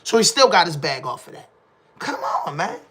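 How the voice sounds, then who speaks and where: A man's voice: a little high, big pitch swings, quick pace, a bit bright, slight background noise. A man with a Baltimore accent hosting a podcast, giving a heated, slangy commentary monologue full of rhetorical questions. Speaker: podcast host.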